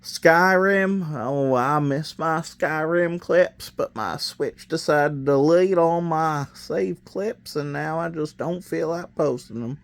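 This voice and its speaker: Slow-talking man rambling through a toy review. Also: fairly high pitch, gravelly, no room sound. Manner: rambling, self-deprecating, drifts into joke accents. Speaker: Lego set reviewer.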